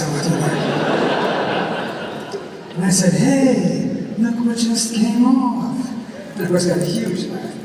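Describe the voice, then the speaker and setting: An older man, a guest on a convention panel, telling anecdotes in an animated, emphatic way. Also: fairly high pitch. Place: large convention hall. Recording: echoey hall, distant mic.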